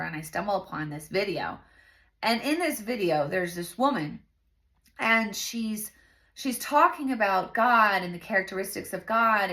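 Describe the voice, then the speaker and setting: A woman's voice: medium pitch, fairly bright tone. A woman in her thirties hosting a casual faith talk, chatty and earnest, with lots of fillers. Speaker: host.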